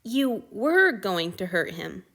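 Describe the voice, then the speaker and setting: A woman's voice: mid-range voice, very animated, takes it slowly, pushed and bright, full character voice. A woman voicing an anxious young man who is crying, stammering and breaking off mid-sentence in an audiobook reading of fan fiction.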